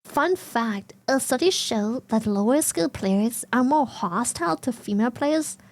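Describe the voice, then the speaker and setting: A woman's voice: fairly high pitch, lively intonation, unhurried. A young woman streamer from Germany or the Netherlands, chatting casually with viewers, giggling often and swearing freely. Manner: giggly, swears freely, reads chat aloud.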